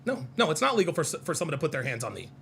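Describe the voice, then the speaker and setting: On his heated call-in stream, a young man answers chat with combative mockery and drives the same points home repeatedly. His high, gravelly, forceful voice swoops wildly in pitch and comes out rapid-fire, with a little hiss or hum in the background.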